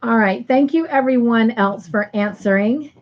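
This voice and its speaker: A woman's voice: a little high, moderate pace, lo-fi sound, a little hiss or hum. A woman hosting a casual livestream, chatting affectionately with viewers and reading out their comments. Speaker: livestream host.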